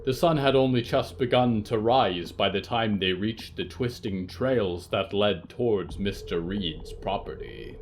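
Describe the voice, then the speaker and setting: A man narrating a dark fiction podcast in a measured, even storytelling voice. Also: fairly low pitch, slight background noise. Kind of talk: scripted narration of horror fiction.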